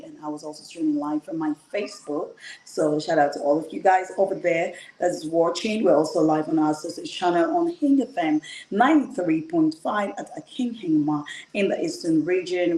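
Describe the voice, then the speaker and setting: A woman hosting a live-streamed talk show, chatty and quick to laugh, thanking viewers and welcoming her guest. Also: on the low side, a little mellow, roomy sound. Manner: chatty, laughs often, calls guests "girl". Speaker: host.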